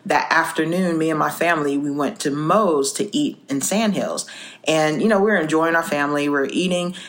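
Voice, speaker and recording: A woman co-hosting a faith podcast, telling stories in a lively way and acting out the people in them. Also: deep voice, brisk. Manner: animated storyteller, acts out quoted voices. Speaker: co-host. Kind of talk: faith podcast chat and storytelling.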